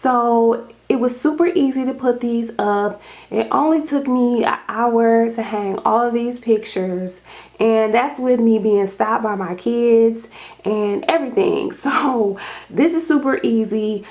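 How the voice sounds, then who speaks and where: A young adult woman chatting casually in an unboxing vlog at home, gushing and excitable, calling her viewers y'all. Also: a little high, a little slow. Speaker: home decor vlogger. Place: home dining room.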